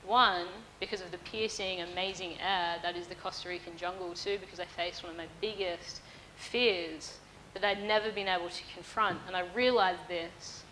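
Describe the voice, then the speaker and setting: Bright-voiced Australian woman telling a story on stage. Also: lowish voice, moderate pace, slight background noise, rough recording. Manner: lively, candid storytelling with casual swearing. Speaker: motivational speaker. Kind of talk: keynote storytelling talk. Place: festival stage.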